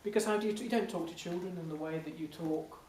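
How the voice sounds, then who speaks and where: A man, an impressionist, telling lively anecdotes to an audience in a Q&A, often restarting mid-sentence. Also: high-pitched, fast. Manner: animated, lively storytelling with frequent restarts and laughs. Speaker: impressionist speaking as guest. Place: large hall before an audience. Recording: echoey hall, mic from a distance, faint noise.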